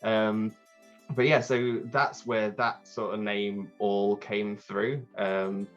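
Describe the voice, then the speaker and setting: A man, a podcast guest telling a rambling, animated story with many restarts. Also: lowish voice, slow pace, muffled recording, soft background music. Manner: animated, acts out crowd voices. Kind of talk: casual storytelling.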